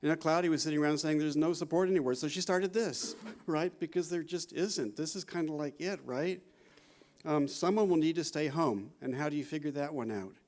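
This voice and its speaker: A psychology professor in his sixties gives a conversational conference lecture, laughing often and peppering his talk with "you know" and "right?" His voice sits on the high side, brisk and a little mellow.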